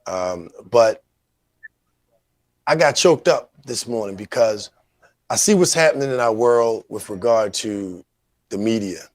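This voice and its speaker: A man's voice: lowish voice, expressive, measured pace, pauses often, dry recording, clean studio sound. A man hosting a talk show, earnest and conversational, often leaning on filler phrases as he gives commentary. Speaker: host.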